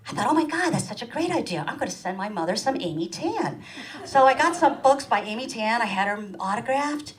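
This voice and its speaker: A middle-aged woman delivers a stand-up comedy set in a small performance room. She is animated and storytelling, her pitch leaping up sharply whenever she acts out someone else's words. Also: poor audio. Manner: animated, acts out quoted voices with big pitch jumps.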